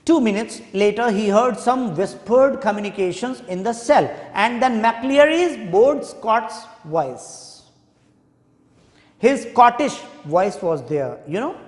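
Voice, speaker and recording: A male teacher with an Indian English accent, reading a textbook chapter aloud and explaining it, slowly repeating key points to students. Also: sits high, expressive, darkish tone. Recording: echoey hall with long reverb.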